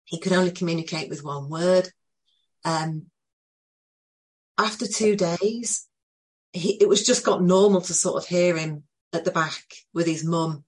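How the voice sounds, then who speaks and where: A woman telling an emotional personal story to a group, earnest and full of pauses. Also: fairly low pitch. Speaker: group participant sharing a story.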